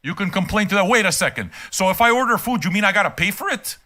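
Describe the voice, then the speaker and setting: An older man hosting a music reaction stream, ranting bluntly and swearing, often rising into shouts. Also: high voice, expressive, fast.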